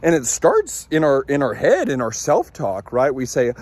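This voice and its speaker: A man in his thirties, a leadership coach, telling a story in a relaxed, conversational way with frequent fillers and restarts. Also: on the high side, measured pace, few pauses. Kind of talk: casual storytelling talk.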